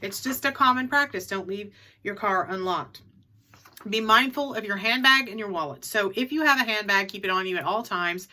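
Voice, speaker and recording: A woman's voice: medium pitch, moderate pace, pushed and bright. A middle-aged woman in a casual advice vlog, chatty and repeating her key tips for emphasis. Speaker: reseller vlogger.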